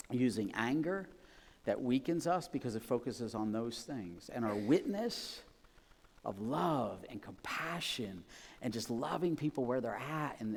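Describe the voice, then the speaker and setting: A man's voice: medium pitch, darkish tone, long reverb tail. A man preaching a sermon as pastor, in a conversational, emphatic way that often checks in with "right?". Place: church sanctuary.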